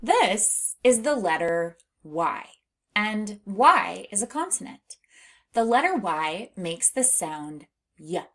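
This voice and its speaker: A woman reading teacher leading a phonics lesson for young children, slowly and clearly sounding out letters and words. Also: mid-range voice, sing-song, a bit bright. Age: adult.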